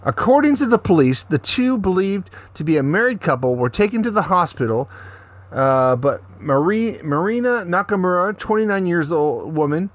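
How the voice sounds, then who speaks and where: A man's voice: high voice, sing-song, moderate pace, dry recording. A man co-hosting a casual podcast, reading a news story with frequent stumbles and corrections, then joking sarcastically. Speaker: podcast co-host.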